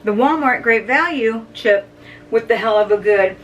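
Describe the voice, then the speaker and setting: Speaking at normal speed in a voice on the high side, a middle-aged woman tastes and reviews snacks for her video channel. Between bites she hums and chews, chatting casually to camera; the mic is distant and there's faint background noise.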